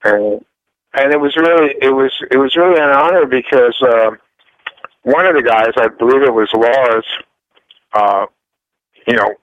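A man's voice: medium pitch, unhurried, long pauses, dull audio, a little hiss or hum. A man from France, a guest musician chatting in a casual radio interview, rambling and repeating words as he tells stories.

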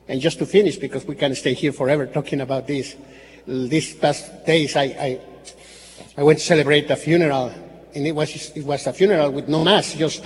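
A man's voice: a little high, darkish tone, slightly rough. A man, a Catholic priest, preaching a sermon in an earnest, repetitive way with slips and restarts. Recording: faint hall reverb with background noise.

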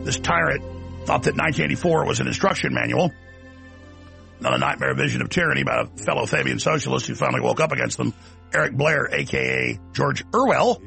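A man's voice: medium pitch, brisk, creaky, bright, forceful tone, faint music behind. A male host delivering a combative, scornful political commentary monologue.

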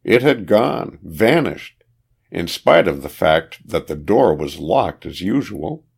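Deep gravelly male audiobook narrator. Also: very animated. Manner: measured, gives characters raised voices in dialogue. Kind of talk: scripted narration of a period detective novel.

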